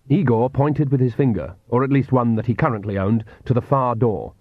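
A man narrating an audiobook in a measured, dry reading. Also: mid-range voice, dry recording. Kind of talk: scripted narration. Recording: tinny phone-like dry recording.

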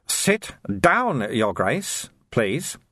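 A man voicing a thin, cheerful male monk who speaks calmly and teases gently. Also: medium pitch, very slow, husky, dry recording, studio quality, full character voice. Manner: cheerful, calm and gently teasing.

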